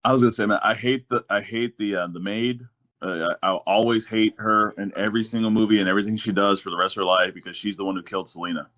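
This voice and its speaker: A man's voice: fairly low pitch, steady tone, fast, a bit bright. A man co-hosting a casual movie podcast, laid-back and swearing freely. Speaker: podcast co-host.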